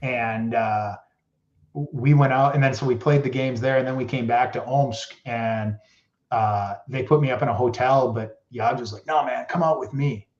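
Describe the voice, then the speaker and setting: Telling hockey stories as a podcast guest, this man rambles loosely and says "like" constantly in casual storytelling. He speaks at normal speed in a mid-range, darkish voice with a steady tone. Recorded on a podcast mic, the audio is roomy, dull and lo-fi.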